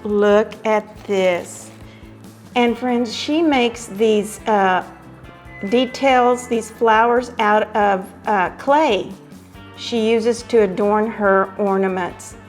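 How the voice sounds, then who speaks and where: A woman hosting a craft vlog, gushing with excitement as she opens mail from friends. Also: medium pitch, drawn-out words, soft background music. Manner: gushing, effusive exclamations. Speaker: craft vlogger host. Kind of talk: casual chat, unboxing mail.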